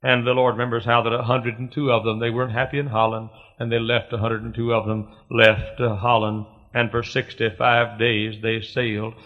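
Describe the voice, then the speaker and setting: A man's voice: mid-range voice, level tone, normal speed, few pauses. Impassioned preacher, man, lo-fi recording. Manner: impassioned preaching, swelling to shouts. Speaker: pastor. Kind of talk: sermon. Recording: dull lo-fi sermon recording.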